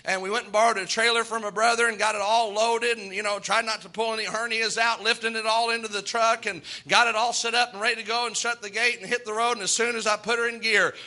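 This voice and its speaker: A male pastor preaching with a very high, strikingly bright and sharp voice. He moves between fervent, emphatic exhortation and folksy, self-deprecating storytelling. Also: level tone, fast, hardly any pauses. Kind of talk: sermon.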